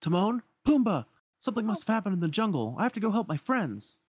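A man voicing an earnest young boy hero from a video game, in a much higher voice. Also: very animated, fast talker, breathy edge, no echo, full character voice. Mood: eager.

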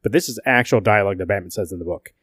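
A man's voice: on the low side, racing, husky, no room sound, studio quality. Profane laughing male podcast co-host. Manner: profane, laughing, animated when reading quotes. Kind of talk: casual podcast chat.

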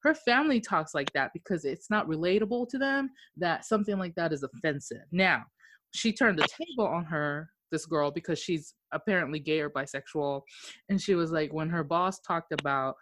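A woman's voice: deep voice, animated, normal speed, fairly bright tone, no echo. A woman from Okinawa, Japan, co-hosting a podcast in casual chat, blunt, swearing freely and laughing often. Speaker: podcast co-host.

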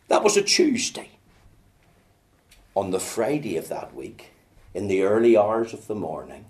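A man preaching a sermon, swinging from hushed storytelling to loud, urgent pleading. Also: lowish voice.

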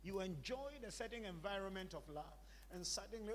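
A man's voice: sits high, animated, brisk, in a large hall, slight background noise. A man preaching a sermon, emphatic and repetitive, calling on the congregation to repeat after him.

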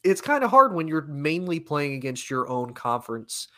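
A man's voice: a little high, very animated, normal speed, a bit bright. A man co-hosting a sports talk show, rambling easily through his points in a casual debate. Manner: rambling, frequent fillers and restarts, easygoing.

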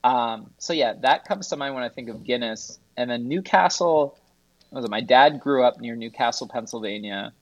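A man tells long, rambling stories in a relaxed podcast chat and chuckles at his own tales. His voice sits at an ordinary pitch. It comes through a dull, slightly muffled mic in a dead, dry room. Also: normal speed, no room sound. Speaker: guest.

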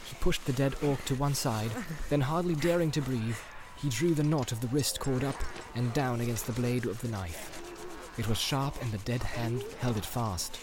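A man reading an audiobook in steady storytelling narration. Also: medium pitch, moderate pace. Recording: background noise.

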